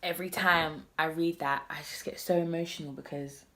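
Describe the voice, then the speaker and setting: A woman in her twenties delivers a heartfelt, personal self-love vlog straight to camera, repeatedly restarting her sentences as she goes. Her low-pitched voice is steady and sharp in tone, and she speaks briskly.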